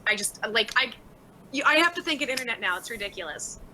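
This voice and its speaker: A woman's voice: on the high side, lively intonation, quick pace, pushed and bright, slight background noise, rough recording. A woman hosting a casual livestream, reading out viewer chats and answering them by name in a sarcastic, laughing way. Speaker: livestream host.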